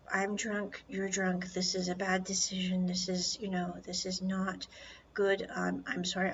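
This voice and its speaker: A literal-minded young man who talks in stiff, formal, halting phrases, as a woman retelling a story puts him on. The sound is slightly dull, with a faint hiss underneath. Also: mid-range voice, creaky.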